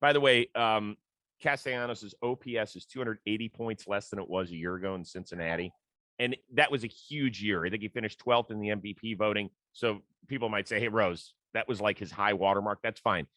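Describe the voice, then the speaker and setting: A man's voice: on the low side, brisk, bright, forceful tone, dry recording. A man hosting a casual sports talk show, chatting easily and telling stories from his early career as a reporter. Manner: conversational, storytelling, laughs easily. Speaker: podcast host.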